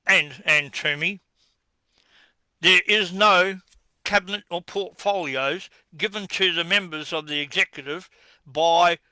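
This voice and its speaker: Australian man with a high, bright voice, combative monologue, dry close sound, answers his own questions. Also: no echo. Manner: combative, accusing, rhetorical questions. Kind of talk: ranting address to camera.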